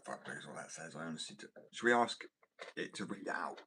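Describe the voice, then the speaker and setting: A man's voice: a bass voice, lively intonation, a little fast, sharp tone, a little hiss or hum, rough recording. A young man from Wales chatting casually on a livestream, rambling and swearing freely as he talks about his artwork. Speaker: streamer and artist.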